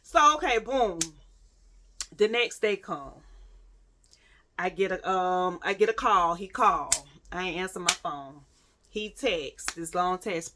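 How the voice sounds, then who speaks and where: A woman with a bright, forceful voice tells a personal storytime straight to her viewers. She talks candidly and swears freely. She restarts her sentences often and breaks off to address the audience. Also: lowish voice, expressive, slow. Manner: candid and profane, with frequent restarts and asides to viewers. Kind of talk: casual storytime monologue.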